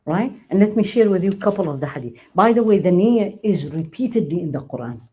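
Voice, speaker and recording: Animated woman teaching a religious class. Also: on the low side, fast, low-quality recording. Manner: animated, acts out quoted speech, laughs often. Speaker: Islamic teacher. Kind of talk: religious lecture to a live class.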